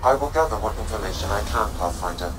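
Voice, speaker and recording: An actor voicing a male crew member in a video game, reporting in a calm, measured way. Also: fairly low pitch, over music, natural voice.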